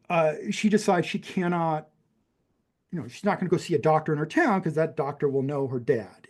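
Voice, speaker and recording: A man's voice: on the high side, a little mellow. A man in his fifties from New Mexico with a general American accent, a podcast guest telling a personal story in a rambling way, with many fillers and restarts. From New Mexico, USA. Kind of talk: conversational storytelling.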